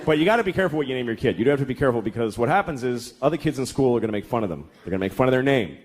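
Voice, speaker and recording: A man in his thirties working a stand-up set on a club stage, his pitch swinging wildly as he acts out griping little scenes. His tone is exasperated and profane. It is a live recording full of crowd roar and background noise. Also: animated, rapid-fire. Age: 30s. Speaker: stand-up comedian. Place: comedy club stage with laughing audience.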